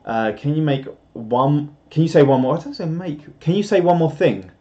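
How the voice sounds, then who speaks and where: Self-mocking man, mellow voice. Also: fairly high pitch, animated, normal speed, few pauses, highs cut off. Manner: rambling, self-mocking, laughs often. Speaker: streamer. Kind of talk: casual live-stream chat.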